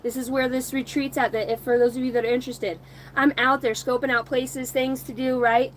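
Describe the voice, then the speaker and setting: A woman's voice: high-pitched, a little hiss or hum. Brash profane woman telling a story. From United States. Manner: profane, animated, fast-rolling anecdote. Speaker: livestream spiritual channel host. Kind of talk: casual storytelling to a live audience.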